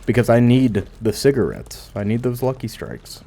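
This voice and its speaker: A man's voice: medium pitch, sing-song, normal speed, gravelly, mellow. A man casually commentating as he plays a video game, musing aloud with dry asides. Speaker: gameplay commentator. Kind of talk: casual let's play commentary.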